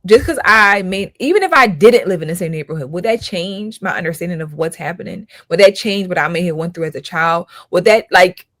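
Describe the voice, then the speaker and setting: A woman's voice: lowish voice, animated, a little fast, few pauses, sharp tone, no room sound, studio quality. A woman in her thirties, a school counselor hosting her own channel, talking in a casual commentary style with emphatic rhetorical questions and frequent repetition.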